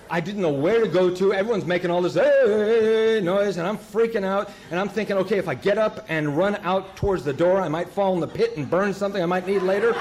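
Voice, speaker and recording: A man sharing his recovery story in a humorous, animated way, jumping between loud outbursts and hushed asides. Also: high-pitched, a little hiss or hum.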